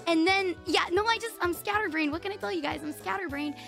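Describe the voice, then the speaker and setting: High-voiced woman streamer, laughing storyteller. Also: fast talker, creaky, faint music behind. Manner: laughs often, swears, animated and rambling. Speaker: VTuber streamer. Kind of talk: casual storytelling to stream chat.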